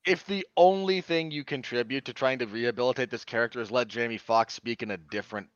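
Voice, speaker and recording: A man's voice: medium pitch, fast, smooth, no echo, muffled recording. A man co-hosting a podcast, chatting casually about a film in a wry, emphatic way. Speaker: podcast co-host. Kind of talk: casual film review chat.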